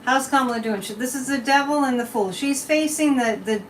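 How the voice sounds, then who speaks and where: Lady psychic rambling thru a livestream reading, kinda high voice, roomy sound, sits back from the mic. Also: brisk, recorded from a distance, background noise. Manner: chatty, rambling, talks straight to viewers. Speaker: psychic reader and channel host. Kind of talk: casual livestream tarot and tea leaf reading.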